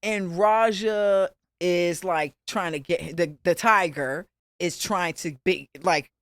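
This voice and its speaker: A young woman co-hosting a podcast, telling crude jokes in casual, animated chat. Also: fairly low pitch, slow pace, no room sound. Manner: crude, joking, animated storytelling. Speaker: podcast co-host.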